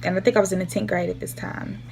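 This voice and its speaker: A woman's voice: fairly low pitch, flat delivery, fast talker, vocal fry, darkish tone, slight background noise. A young woman telling a casual storytime vlog, acting out the voices of the people she quotes. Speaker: vlogger.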